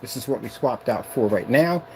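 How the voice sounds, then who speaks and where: A man casually demonstrating a projection screen on a vlog, excited and rambling, boasting about his product. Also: moderate pace, slight background noise. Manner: sings snatches of a tune in a high voice.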